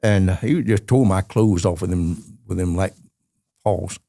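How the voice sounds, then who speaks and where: An eighties-aged man from Georgia, USA, with a Southern accent, guests on a podcast, telling long, colorful, rambling stories and laughing along in a storytelling interview. His deep voice is unhurried, creaky, and mellow, in clean studio sound with no room tone.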